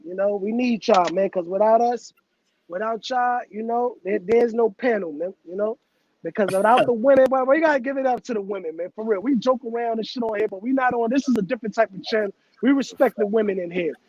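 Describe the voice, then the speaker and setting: A man's voice: high-pitched, fairly quick, a little mellow, slight background noise. A man hosting a casual online chat, talking loosely and profanely and laughing often. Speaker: host. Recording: dull lo-fi dry sound.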